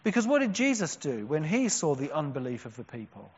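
A man preaching a sermon, earnest, with strong emphatic peaks and quiet, slow, drawn-out words. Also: fairly high pitch, wildly swooping pitch, husky. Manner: earnest, rising to emphatic cries and dropping to hushed, slow stresses. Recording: dull sound with a long hall echo.

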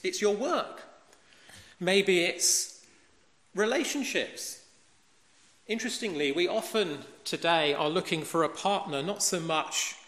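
A man's voice: high voice, a bit bright. A man preaching a sermon, emphatic and fond of rhetorical questions. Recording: echoey hall with long reverb.

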